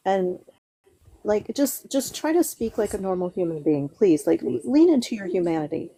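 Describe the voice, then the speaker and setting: A woman's voice: mid-range voice, expressive, moderate pace, mellow, poor audio. A woman in an online debate, speaking in an exasperated, pleading way.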